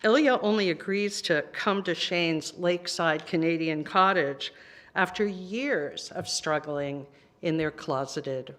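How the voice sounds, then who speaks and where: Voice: mid-range voice, fairly bright tone. A minister giving a sermon in a conversational, personal way.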